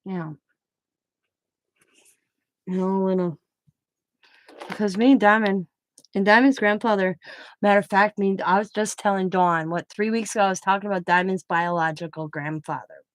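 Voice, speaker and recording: A woman's voice: mid-range voice, steady tone, moderate pace, long pauses, no room sound, rough recording. A middle-aged woman hosting a crafting live stream, chatting in a rambling, emotional way and trailing off mid-sentence. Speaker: craft channel host. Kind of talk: casual live-stream chat.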